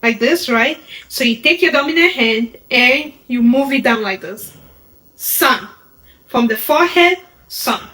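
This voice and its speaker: Sign language teacher, woman, high voice, cheerful, repeats words slowly for beginners. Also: lively intonation, sharp tone, low-quality recording. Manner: upbeat, repeats each word slowly while demonstrating. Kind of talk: instructional video lesson.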